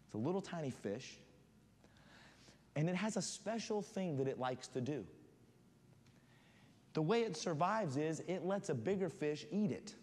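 Fervent high-voiced preacher man. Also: animated, unhurried, long pauses. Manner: builds to loud fervent shouting. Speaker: guest preacher. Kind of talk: sermon. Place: church sanctuary. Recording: church hall reverb.

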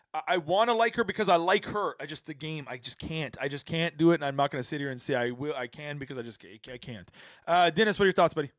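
High-voiced man hosting a casual panel. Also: no room sound. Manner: animated, laughs often, repeats himself for emphasis. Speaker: host of a reaction stream.

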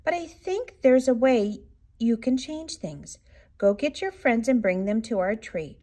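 A woman playing a gentle mother raccoon. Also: on the high side, lively intonation, unhurried. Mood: reassuring. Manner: soft, reassuring.

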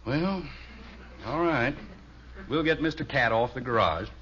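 An actor playing a cheerful, patient father in 1950s radio acting, good-humored and coaxing, on a dull old radio recording with loud hiss. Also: medium pitch, lively intonation, a little slow. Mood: easygoing. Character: cheerful patient suburban father, grown man.

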